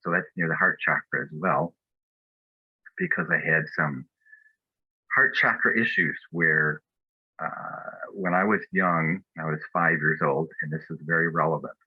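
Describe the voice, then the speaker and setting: A man's voice: extremely low pitch, a little slow, slightly rough, no echo, phone-quality sound. A man giving a personal testimony at a spiritual fellowship, telling his story in an earnest, reflective way.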